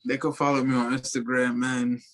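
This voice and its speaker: A man's voice: mid-range voice, level tone, a little fast, fairly bright tone. Laid-back podcast co-host man. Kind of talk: casual chat.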